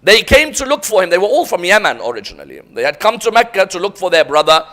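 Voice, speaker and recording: A man's voice: sits high, big pitch swings, quick pace, pushed and bright. A man preaching a sermon as a dramatic story, often prompting the audience to respond.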